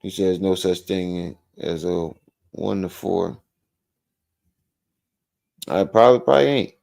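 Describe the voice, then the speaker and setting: Guy on a livestream roasting a clip, mocking, jumps around in pitch a lot. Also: takes it slowly, creaky. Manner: animated, mocking, repeats phrases. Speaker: livestream host. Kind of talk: casual reaction commentary.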